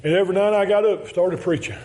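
A man's voice: high-pitched, rapid-fire, a little mellow, poor audio. A man preaching a folksy sermon, telling stories and chuckling often.

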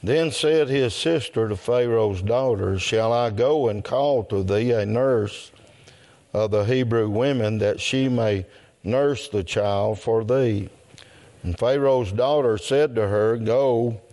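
A man, leading an evening service and slowly reading scripture aloud with long pauses. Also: medium pitch, warm tone. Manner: slow, deliberate reading with long pauses, throat clearing. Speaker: preacher.

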